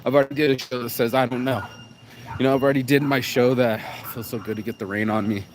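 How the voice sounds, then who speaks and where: A man's voice: mid-range voice, steady tone, fast talker. A man in an emotional vlog, talking raw and rambling through tears and laughs while out in the rain on a street. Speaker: vlogger. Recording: noisy outdoor street recording. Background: street noise and passing vehicles.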